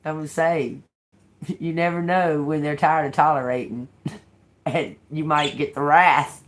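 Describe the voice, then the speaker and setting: A woman's voice: deep voice, steady tone, a little slow. A woman tarot reader talking in a casual, rambling monologue, blunt, sarcastic and full of swearing, laughing between remarks. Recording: noisy home recording.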